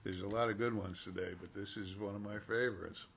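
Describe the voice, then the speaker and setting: A man's voice: on the low side, steady tone, a little fast, gravelly, background noise. A male voice actor chatting casually while signing autographs and talking to himself as he works.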